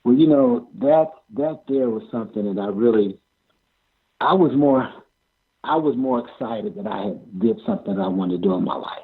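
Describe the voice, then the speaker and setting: An older man telling stories from his wrestling career in an interview, halting and repeating himself, often chuckling. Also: fairly low pitch, husky. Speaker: amateur pro wrestler. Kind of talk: interview storytelling. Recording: tinny phone-like sound.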